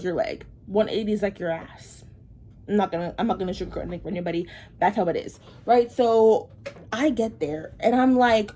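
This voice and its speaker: Getting ready on camera, a vlogger rambles through a story in a dark-toned, medium-pitched voice. She's frustrated and venting, chatty, and says things more than once to drive them home.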